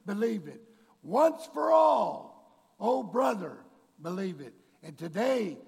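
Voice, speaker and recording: Gravelly high-voiced preacher man. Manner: preaching with sudden shouted, drawn-out emphasis; addresses the congregation directly. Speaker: pastor. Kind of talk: sermon. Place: church. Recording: long reverb of a large hall.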